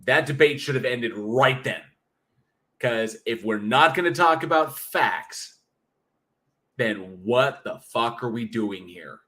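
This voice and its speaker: A man's voice: medium pitch, slow pace. A man hosting a livestream, reading chat comments and ranting bluntly with plenty of swearing. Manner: blunt, profane, animated ranting. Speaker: livestream host.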